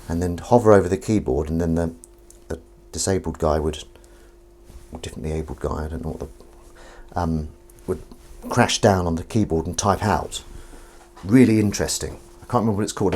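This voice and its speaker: A man's voice: low voice, fairly quick, slightly rough. A man chatting casually while washing up at home, rambling through film trivia and asides to someone in the room. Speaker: vlogger washing up. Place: home kitchen. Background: clinking dishes and cutlery.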